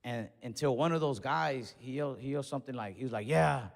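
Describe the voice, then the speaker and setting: Talking quickly with vocal fry and few pauses, a young man with a mid-range voice does stand-up on a reverberant stage. The tale is profane and animated, full of voices he acts out.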